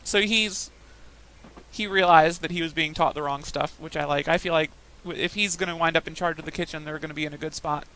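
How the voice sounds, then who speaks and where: A woman's voice: sits low, steady tone, brisk, fairly bright tone, poor audio. A young woman in casual chat while playing a game, telling rambling stories with frequent laughs. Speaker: gaming podcaster.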